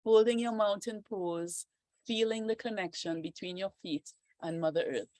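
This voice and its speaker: A woman from the Caribbean leading a guided yoga and meditation class outdoors on a deck, talking slowly and calmly and repeating affirmations. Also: mid-range voice, no echo. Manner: slow, calm guiding with repeated affirmations.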